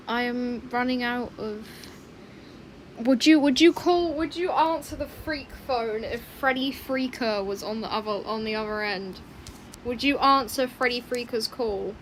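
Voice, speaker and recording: A young woman artist chatting casually while she draws, rambling and often muttering quietly to herself. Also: a little high, a little hiss or hum, low-quality recording. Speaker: artist streaming her drawing.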